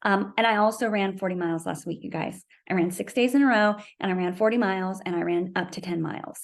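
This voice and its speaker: A woman's voice: fast, gravelly. A woman vlogging casually about her running, chatty and storytelling, acting out conversations. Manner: chatty storytelling, acts out conversations with raised pitch. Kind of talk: casual vlog chat.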